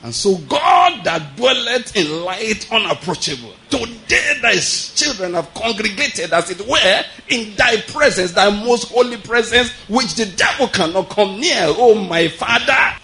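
A man putting on a pompous churchgoer who prays showily aloud in drawn-out, archaic phrasing. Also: sits high, very animated, sharp tone, slight background noise, voice pushed up, exaggerated voice.

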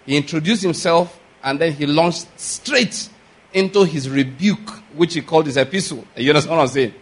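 A male preacher with a slightly raised pitch delivers an emphatic sermon. He keeps checking in with his congregation and asks them direct questions as he explains scripture. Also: normal speed, slightly rough. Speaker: pastor.

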